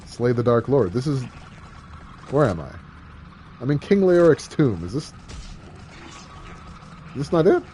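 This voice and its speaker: A man's voice: medium pitch, very animated, a little slow, long pauses, mellow. Rambling, joking male streamer. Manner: rambling, joking, many fillers. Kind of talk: casual gameplay chat. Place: home streaming setup. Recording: game audio noise underneath.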